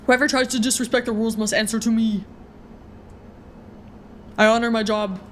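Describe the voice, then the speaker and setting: A woman's voice: on the high side, little pitch movement, normal speed, slight background noise, close to an everyday voice. A woman reading a stern, suspicious bus conductor. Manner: cold, commanding questioning.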